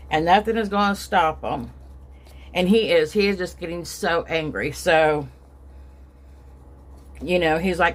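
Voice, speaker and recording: A woman's voice: lowish voice, a bit bright. Chatty woman storytelling over makeup. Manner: chatty, rambling, acts out quotes with raised voice. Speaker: vlogger. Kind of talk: casual storytelling while doing makeup.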